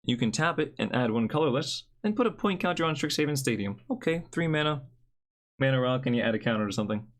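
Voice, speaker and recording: A man's voice: mid-range voice, lively intonation, fast talker. A young man giving a casual, joking card review with blunt opinions.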